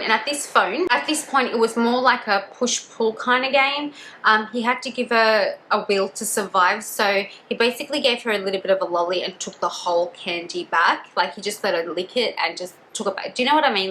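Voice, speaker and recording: A young woman vlogger tells a true-crime story in a loose, casual way. Her voice is bright and forward. She rambles, full of fillers and restarts. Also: on the high side, a little hiss or hum, poor audio.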